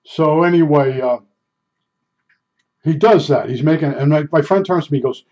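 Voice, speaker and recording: A man with a somewhat high voice tells his stories casually, rambling and chuckling at himself. The sound is dull and lo-fi. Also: moderate pace, darkish tone. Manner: rambling, chuckling, self-deprecating. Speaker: storyteller. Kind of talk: casual storytelling. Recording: dull lo-fi recording.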